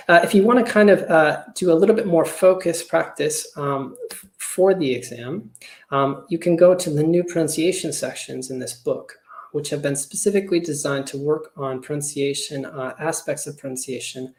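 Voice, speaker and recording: A man who trains teachers, giving an online webinar presentation in a relaxed, conversational way with a lot of hedging. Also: a little high, normal speed. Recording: roomy echo.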